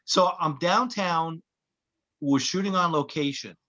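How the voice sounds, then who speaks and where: Bright-voiced storytelling comedian. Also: male voice, a little high, a little slow, dull audio. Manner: animated anecdotes, acting out quoted voices. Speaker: comedian and actor guest. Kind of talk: casual storytelling chat. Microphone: podcast mic.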